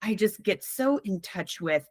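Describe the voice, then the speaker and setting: A woman on a podcast as a guest, talking in a candid, animated, conversational way with frequent restarts. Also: mid-range voice, a little slow, no echo. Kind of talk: casual conversational storytelling.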